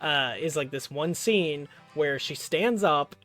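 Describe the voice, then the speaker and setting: A man talks through a horror movie review in a loose, rambling way, dropping "like" again and again and cracking jokes as he goes. His voice sits a little on the high side, and soft music plays faintly underneath. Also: slow. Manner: rambling, joking, full of "like" fillers. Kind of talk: casual film review chat.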